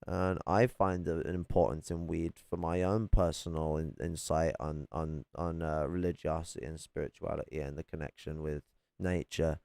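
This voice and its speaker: A man ranting angrily and profanely as he reacts to political clips from his flat. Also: rumbling low, normal speed, gravelly, no echo, studio quality. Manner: angry, profane, confrontational.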